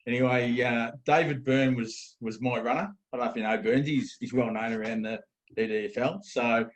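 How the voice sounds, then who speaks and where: A man's voice: mid-range voice, steady tone, moderate pace. A man with an Australian accent tells a footy story in a loose, easygoing way. He chuckles at his own anecdote as the guest on a casual chat show. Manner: laid-back, laughs at own story. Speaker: guest, football coach.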